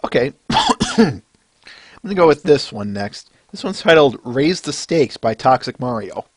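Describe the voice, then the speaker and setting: A man's voice: medium pitch, animated, moderate pace, no room sound. A male podcast host rambling casually through a fan-art review, with lots of fillers and chuckles.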